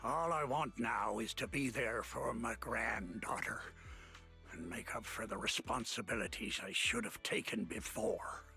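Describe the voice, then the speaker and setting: An actor playing a weary old male sea captain and grandfather, talking in a rueful, gravelly game voice. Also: mid-range voice, unhurried, bright, forceful tone, soft background music. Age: older. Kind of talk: video game voice acting.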